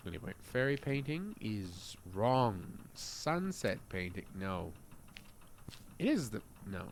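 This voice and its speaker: Streaming a puzzle game, a man thinks aloud in casual commentary, muttering and trailing off, then breaking into sudden excited gasps and exclamations. His mid-range voice moves slowly, and there's a faint hiss or hum.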